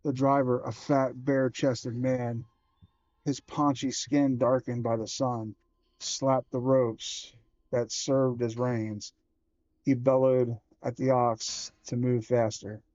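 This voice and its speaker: A man reading a children's horror book aloud, slow and measured with small self-corrections. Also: medium pitch, little pitch movement, darkish tone, dry recording, dull audio.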